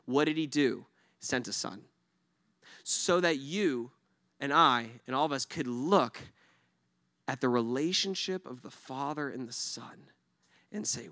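Guy preaching, bright punchy voice, super dry close sound, goes loud then whispery. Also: high-pitched, normal speed, dry recording. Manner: swings from loud emphatic bursts to hushed near-whispers; conversational, asks the crowd questions. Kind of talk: sermon.

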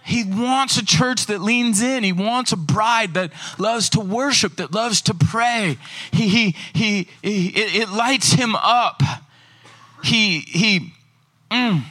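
High, bright-voiced man preaching a sermon. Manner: animated, fast and slow in turns, acts out voices.

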